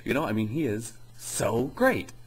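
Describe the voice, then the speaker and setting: A man's voice: mid-range voice, big pitch swings, normal speed, poor audio. A young man giving a rambling, sarcastic comedy review in casual chat. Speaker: video reviewer.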